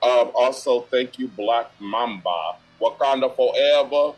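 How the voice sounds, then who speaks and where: A man's voice: mid-range voice, measured pace, low-quality recording. A man streaming live, chatting casually and thanking viewers by name for donations in loose slang. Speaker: streamer reacting to a video.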